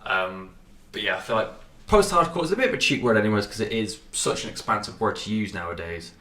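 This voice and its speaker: A man's voice: lowish voice, expressive, quick pace, sharp tone, echoey room, far from the mic. A man hosting a podcast, giving a rambling, sweary music review with lots of fillers and restarts, and a runny nose. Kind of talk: casual music review monologue.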